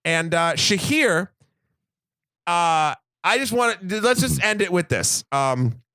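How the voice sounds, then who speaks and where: A male podcast host talks in a loose, rambling style and corrects himself as he goes, with a playful edge. His voice sits fairly high, and the recording is dry with almost no room sound. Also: animated, takes it slowly, bright, forceful tone, clean tone, no echo. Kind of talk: casual film podcast chat.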